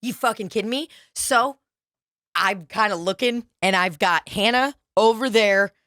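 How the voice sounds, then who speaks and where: A woman co-hosting a podcast, telling a story in a brash, profane and animated way. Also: medium pitch, unhurried, no room sound, studio quality. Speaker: podcast co-host. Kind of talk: casual chat, storytelling.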